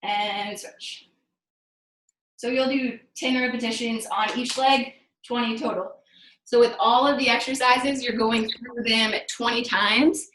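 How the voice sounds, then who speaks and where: Woman fitness instructor on a video call, a bit high voice, talking thru exercises while doing them, roomy echo. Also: steady tone, measured pace, a bit bright. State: out of breath. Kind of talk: live online workout class. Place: room at home during video call. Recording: echoey room.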